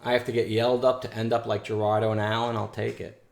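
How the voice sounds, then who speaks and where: A man's voice: fairly low pitch, little pitch movement, fast talker, vocal fry, slight background noise. A man hosting a day trading show, talking bluntly and casually in slang, scolding and reviewing trades. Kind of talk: live trading stream chat. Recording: echoey room.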